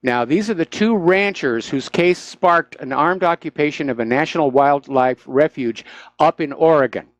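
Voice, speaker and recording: A man's voice: on the high side, moderate pace, dry recording. A man hosting a talk radio show, giving opinionated, sarcastic commentary with frequent "uh" fillers into a studio microphone.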